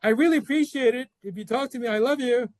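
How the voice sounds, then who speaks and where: A man voicing a big burly male taxi driver, speaking high, soft and earnest. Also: fast, no room sound, studio quality. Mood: pleading.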